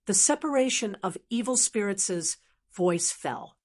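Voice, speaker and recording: A woman reading a fantasy web novel aloud as an audiobook narrator, in an even, unhurried storytelling manner. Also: mid-range voice.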